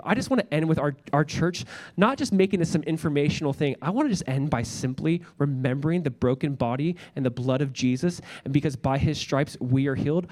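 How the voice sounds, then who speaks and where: A man's voice: on the high side, darkish tone. A young adult man, a pastor, preaching a sermon in a church with an earnest, conversational manner, often restarting his phrases.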